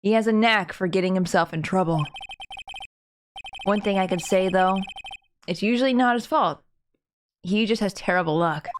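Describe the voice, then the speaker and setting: A woman's voice: mid-range voice, normal speed, pauses often, a little hiss or hum, natural voice. A woman reading an earnest rookie lawyer. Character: young male rookie defense lawyer, earnest.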